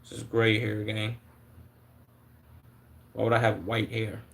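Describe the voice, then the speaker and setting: Low gravelly-voiced young man streaming. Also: completely flat delivery, slow, slight background noise. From Chicago. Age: 20s. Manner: incredulous, stuttering, slangy commentary. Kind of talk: casual live-stream reaction.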